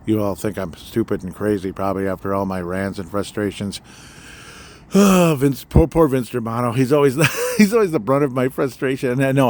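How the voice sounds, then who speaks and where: A fairly low-voiced man from Minnesota hosts his solo sports podcast, rambling in a frustrated, sarcastic way and filling gaps with "uh" and "you know." He is recording outdoors beside a fire pit at night, with a faint hiss of outdoor noise behind him. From Minnesota, USA. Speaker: podcast host.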